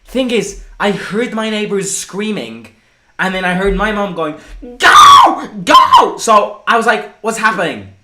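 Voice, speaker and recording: A young man hosting a live football watchalong, excitable, breaking into shouts and swearing. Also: high-pitched, unhurried, slight background noise. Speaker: fan channel host.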